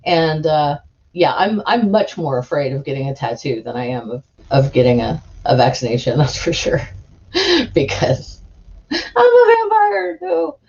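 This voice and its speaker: A woman's voice: rumbling low, big pitch swings, normal speed, a little mellow, highs cut off. A woman hosting a live stream, chatting casually in a giggly, rambling way with lots of restarts.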